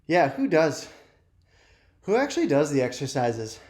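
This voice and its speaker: A man's voice: on the high side, sing-song, measured pace, darkish tone. A man hosting a live youth ministry show, chatting casually and self-deprecatingly straight to viewers. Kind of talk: casual live-stream chat. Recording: roomy echo.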